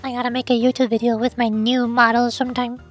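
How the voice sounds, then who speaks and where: A woman's voice: a little high, flat delivery, quick pace, faint music behind. A young woman streamer chatting casually and rambling, giggling often and stumbling over her words.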